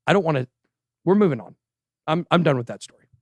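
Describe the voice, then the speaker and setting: A man hosting a casual livestream crypto show, giving animated and sarcastic commentary as he chats with a co-host and the live chat. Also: on the high side, fast, no room sound. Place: show studio stage.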